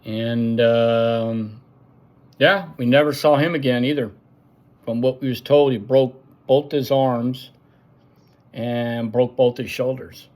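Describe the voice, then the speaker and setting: A middle-aged man casually telling an old army story, acting out gunfire sounds and shouts. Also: medium pitch, slow pace. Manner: animated, makes gunfire sound effects and acts out shouts. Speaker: show host telling a story.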